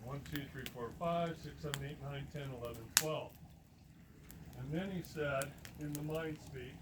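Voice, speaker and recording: A man telling a long personal story in a talk, animated and acting out the voices of the people he quotes. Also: a little high, normal speed, very noisy. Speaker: guest speaker.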